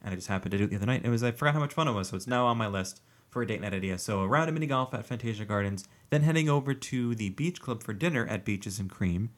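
A man talking casually as a podcast co-host, his voice sitting on the low side. He rambles with plenty of fillers and likes to poke fun at himself. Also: lively intonation, very fast, few pauses. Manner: joking, self-mocking, rambling with fillers. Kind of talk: casual chat.

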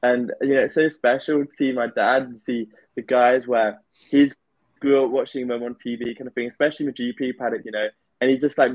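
A man, speaking as a podcast guest in a relaxed, rambling way with many "you know" fillers. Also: medium pitch, no room sound, muffled recording. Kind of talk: casual interview chat.

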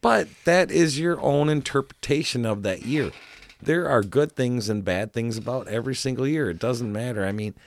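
A man's voice: mid-range voice, normal speed. A man hosting a podcast in casual chat, rambling and laughing often as he talks.

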